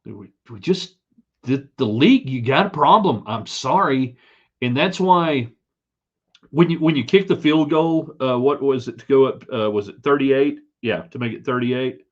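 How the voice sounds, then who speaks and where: A man's voice: mid-range voice, a little slow. A man hosting a live sports stream, giving chatty, opinionated commentary that rambles with restarts. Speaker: sports podcast host. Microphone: streaming setup mic. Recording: slightly dull lo-fi stream audio.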